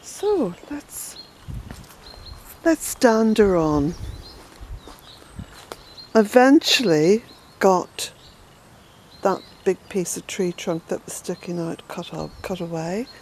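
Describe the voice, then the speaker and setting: An Irish woman chatting her way through a garden tour outdoors, fond and unhurried, with bursts of indignation. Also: on the low side, animated, darkish tone, a little hiss or hum, rough recording. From Ireland. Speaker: smallholder and author giving a garden tour. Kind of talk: casual walking garden tour.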